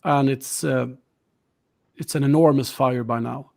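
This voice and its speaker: A man's voice: medium pitch, fairly even intonation, unhurried, gravelly, a little mellow. A man narrating a tabletop game as game master, with hesitant fillers.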